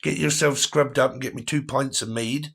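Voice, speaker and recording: A man's voice: medium pitch, steady tone, moderate pace, creaky, noisy background, voice pushed up, natural voice. A man putting on a bawdy West Country character who calls for mead in a leering, playful drawl. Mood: flirty.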